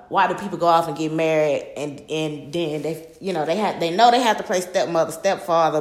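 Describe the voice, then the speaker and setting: A woman's voice: on the low side, roomy sound. A woman hosting her own podcast in casual solo chat, talking bluntly with lots of profanity, rambling and restarting her sentences. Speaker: podcast host.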